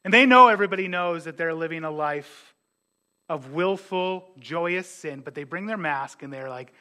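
A man preaching as a pastor, animated, with joking asides and quick impressions of his congregants. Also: on the high side. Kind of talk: sermon.

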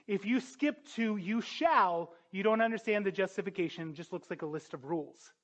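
A man preaching a sermon, earnest and emphatic, building to forceful peaks. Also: high voice, brisk, few pauses, muffled recording.

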